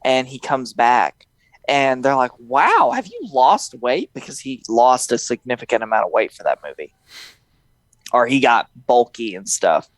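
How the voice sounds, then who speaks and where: A man's voice: medium pitch, moderate pace, no echo. A young man hosting a casual podcast chat, laughing often and mimicking people in his stories. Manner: laughing, animated, mimics voices in quotes. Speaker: podcast host.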